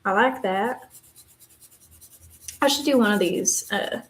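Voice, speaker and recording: A woman's voice: mid-range voice, takes it slowly, pauses often. A woman in her twenties with a West Texan accent, chatting casually and rambling through asides while she colors on a live stream. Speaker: live streamer, university theater student.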